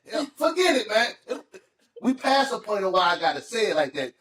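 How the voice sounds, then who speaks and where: A man's voice: high voice, moderate pace. A middle-aged man in casual chat, telling stories and acting out the voices of the people in them. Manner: animated, acts out quotes in voices. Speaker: podcast co-host. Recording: echoey room, mic at a distance.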